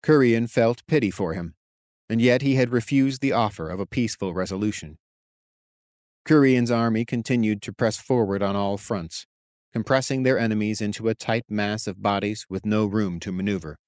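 A man narrating a fantasy story in a steady, even way. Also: fairly low pitch, normal speed, dry recording, clean studio sound. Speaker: audiobook narrator. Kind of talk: scripted narration.

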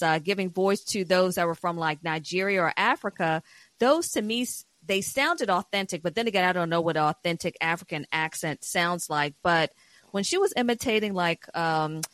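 Woman host, mid-range voice, curious and animated, dry close mic. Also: lowish voice, moderate pace, dry recording. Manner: curious, animated asides, laughs while telling. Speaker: host of book discussion. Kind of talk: casual discussion.

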